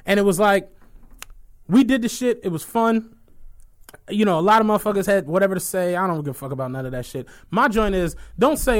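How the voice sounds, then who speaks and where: Young man, high-pitched, casual chat, animated, profane, podcast host. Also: a little fast.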